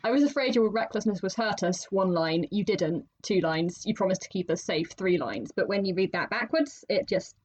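A woman's voice: medium pitch, moderate pace, few pauses, darkish tone, muffled recording. A woman hosting a writing podcast in casual chat, chatty and laughing often. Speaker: podcast host.

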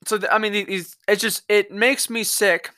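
A man's voice: high-pitched, fairly even intonation, moderate pace, sharp tone, dry recording, clean studio sound. A young man with a Mississippi Southern accent hosting a podcast, ranting angrily with lots of profanity and restarts. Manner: angry, profane, rambling with restarts. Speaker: podcast host. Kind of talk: political rant monologue.

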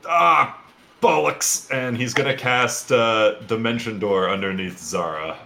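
A man playing a tabletop game, quick and jokey. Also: on the low side, steady tone, sharp tone, a little hiss or hum. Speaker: player. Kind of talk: casual tabletop play.

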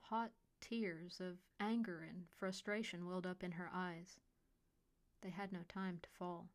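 A woman reading a short story aloud in a quiet, even way. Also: lowish voice, a little slow. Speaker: narrator. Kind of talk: scripted story narration.

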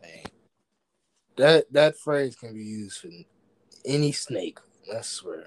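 A young man joins a friend's podcast as a guest and chats loosely. His voice rises and falls a lot as he tells playful, slangy stories. His pitch is mid-range. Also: takes it slowly, low-quality recording. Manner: relaxed slangy storytelling, playful. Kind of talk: casual chat.

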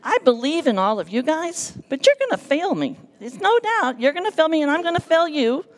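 A woman giving an earnest, emotional personal testimony from a church pulpit, telling her story with lively quoted dialogue. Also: high-pitched, a little fast. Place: church sanctuary.

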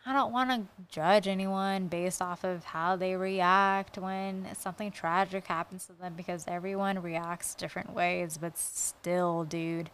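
A woman co-hosting a casual true-crime podcast, blunt and quick to swear. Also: lowish voice, fairly even intonation, fairly bright tone, clear, resonant tone. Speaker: podcast co-host.

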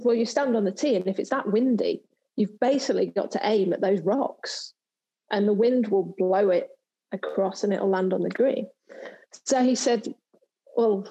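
A woman's voice: mid-range voice, moderate pace, dark tone, slightly rough, poor audio. A woman from England, a former pro golfer and TV presenter, chatting in an interview and telling stories with lots of fillers and restarts. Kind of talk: casual interview chat.

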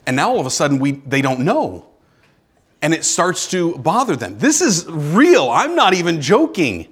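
Lively, higher-voiced pastor in his forties. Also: moderate pace, breathy edge. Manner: animated, joking asides to the congregation. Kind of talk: conversational sermon. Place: church sanctuary.

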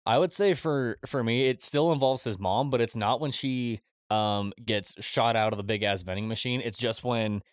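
A man co-hosts a casual podcast chat in an easygoing, loose way, his voice at an ordinary pitch. He swears freely as he talks. The recording is dry and close. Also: moderate pace, hardly any pauses, no room sound. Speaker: podcast co-host.

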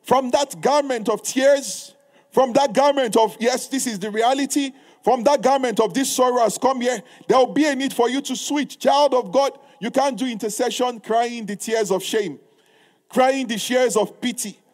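A man's voice: very high-pitched, moderate pace, darkish tone. A man preaching a sermon as pastor, reading scripture aloud and stressing points through repetition. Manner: reads scripture aloud in old-style wording.

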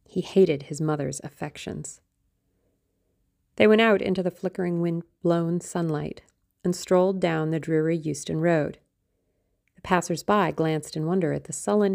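A woman narrating a classic novel in a measured, expressive reading. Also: lowish voice, vocal fry. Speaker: audiobook narrator.

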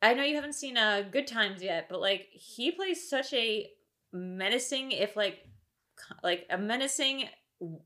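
A woman's voice: on the high side, animated, unhurried, sharp tone. An opinionated woman co-hosting a podcast in casual conversation. She talks in loose, filler-heavy runs and pushes her views hard. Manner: opinionated, chatty, lots of "like" fillers. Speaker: podcast co-host. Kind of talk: casual chat.

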